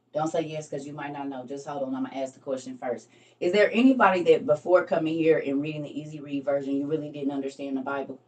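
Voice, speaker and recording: A woman's voice: low-pitched, a little mellow. A middle-aged woman hosting a casual Bible study livestream, chatty and teasing, laughing often. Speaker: livestream host. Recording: voice from a distance from the mic.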